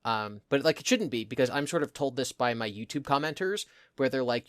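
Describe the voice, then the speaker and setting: A man's voice: mid-range voice, animated, fairly quick, dry recording, clean studio sound. A young man from New Jersey with a New Jersey accent, co-hosting a podcast in rambling casual chat and laughing often. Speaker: podcast co-host.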